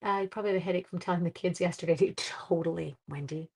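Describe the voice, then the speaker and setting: A woman's voice: lowish voice, quick pace, breathy edge, rough recording. A middle-aged woman, hosting a card-making livestream and chatting with viewers while telling a rambling story. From Canada. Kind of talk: casual chat while crafting.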